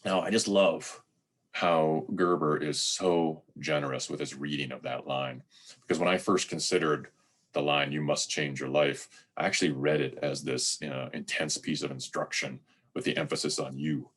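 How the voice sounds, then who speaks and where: Brief: man, very low voice, husky tone, measured and reflective sermon delivery. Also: steady tone, a bit bright. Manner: measured, reflective, reads verse slowly and deliberately. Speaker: lay preacher giving a sermon. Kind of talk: sermon with poetry reading.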